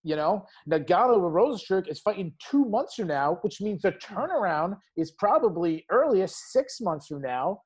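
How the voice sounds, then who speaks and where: A man on a podcast panel, talking through options step by step in a quick, conversational way. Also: high voice, very animated, a little mellow, breathy edge.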